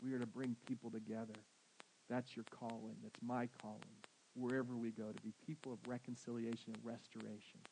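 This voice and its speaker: A man's voice: medium pitch, flat delivery, a little fast, creaky, a little mellow, slight background noise, poor audio. A man with a Southern American accent preaching a sermon as pastor, often asking his congregation questions.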